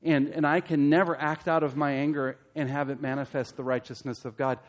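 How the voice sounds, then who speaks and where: A man preaching a sermon as pastor, asking the congregation direct questions and building to loud, emphatic peaks. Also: on the high side, flat delivery, fairly quick.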